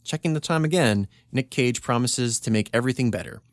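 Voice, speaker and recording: A man's voice: mid-range voice, a little fast, few pauses, no echo. Wry man reading a comedy script. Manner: wry, laughing often. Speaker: podcast co-host.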